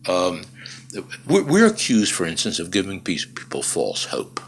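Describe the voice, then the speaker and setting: Older male interview guest, very low and gravelly voice, emphatic storyteller with dry wit. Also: huge pitch swings, unhurried, a little hiss or hum. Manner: emphatic, dry humor, frequent "uh" fillers. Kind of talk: conversational storytelling.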